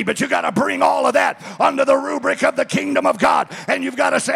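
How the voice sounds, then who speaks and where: A man preaching a sermon, swinging from loud, fervent passages to low, quiet asides and asking the congregation questions. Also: brisk, creaky, hardly any pauses, slightly rough, faint music behind. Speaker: pastor. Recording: long reverb of a large hall.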